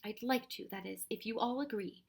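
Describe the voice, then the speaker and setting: A woman's voice: on the high side, normal speed, creaky, breathy edge. A woman voicing a kindly, fussy older male professor in a storybook reading, with old-fashioned exclamations. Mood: weary.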